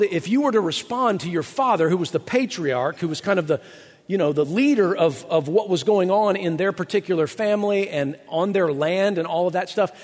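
A man preaching a sermon as pastor, animated, acting out quotes in playful voices. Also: high voice, big-room sound.

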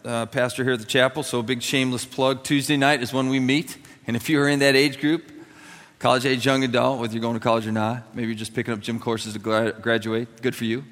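A young adult man, a pastor, preaching a sermon and telling a story with lively acted-out dialogue. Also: mid-range voice, brisk. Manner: animated, acts out dialogue in his story. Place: church sanctuary. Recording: long hall reverb.

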